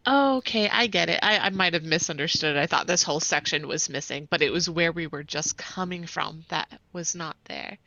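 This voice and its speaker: A woman's voice: lowish voice, normal speed, few pauses, sharp tone, highs cut off. A woman playing in a tabletop game, asking the game master questions. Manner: asks questions, laughs easily. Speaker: player.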